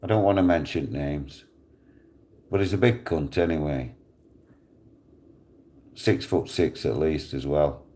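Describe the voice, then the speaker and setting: A man's voice: extremely low pitch, unhurried, pauses often. A man, telling a blunt, profane story on his live stream. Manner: blunt, heavy swearing, animated retelling.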